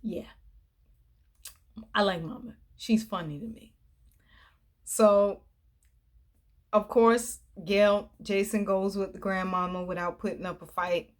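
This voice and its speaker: A woman's voice: medium pitch, slow, pauses often. Chatty woman recapping a TV drama. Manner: chatty, animated, acts out the characters' lines. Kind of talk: casual chat.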